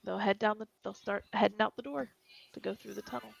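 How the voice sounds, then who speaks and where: A woman's voice: mid-range voice, fairly even intonation, fast, vocal fry, a little hiss or hum. A woman narrating as game master of a tabletop game, hesitant with many fillers, on a dry lo-fi recording.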